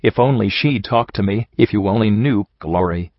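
Brief: anxious, earnest young mare, storybook reading, lowish and dry, a man voicing her. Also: normal speed, no room sound, muffled recording. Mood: worried. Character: young mare mercenary Glory, worried.

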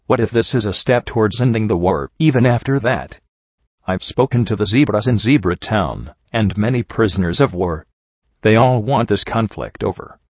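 A man voicing a gentle, dignified female pony princess who speaks softly but firmly. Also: on the low side, no room sound, dull audio, lightly acted. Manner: soft and calm but firm.

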